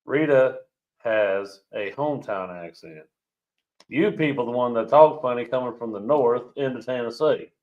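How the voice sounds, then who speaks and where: A man's voice: mid-range voice, moderate pace, muffled recording. A man co-hosting a live stream, teasing his partner and laughing often. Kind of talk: casual live-stream banter.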